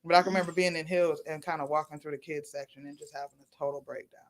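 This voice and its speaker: A middle-aged woman from Niagara Falls, New York, a radio show guest who tells a personal story in an animated way, acting out other people's voices and laughing as she talks. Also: sits low, quick pace. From Niagara Falls, New York, USA. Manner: animated, acts out quoted voices, laughs while telling.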